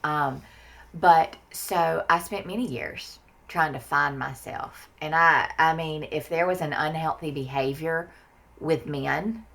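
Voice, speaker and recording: A woman's voice: low-pitched, takes it slowly, gravelly, a bit bright. A woman from Mississippi with a Southern American accent, a guest talking candidly and bluntly, swearing for emphasis. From Mississippi, US Deep South. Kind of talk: candid conversation about inner child therapy.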